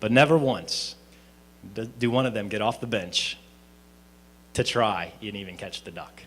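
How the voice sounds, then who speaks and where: A man's voice: on the low side, a little slow, fairly bright tone. A man giving an informal closing speech at a student presentation, conversational with frequent fillers and restarts. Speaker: speaker at a student team presentation. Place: event hall at a university presentation.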